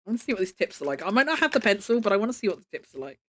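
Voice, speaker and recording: A woman's voice: mid-range voice, big pitch swings, very fast, fairly bright tone. A young woman chatting casually on a livestream, rambling with lots of fillers and casual swearing. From United Kingdom. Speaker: live streamer.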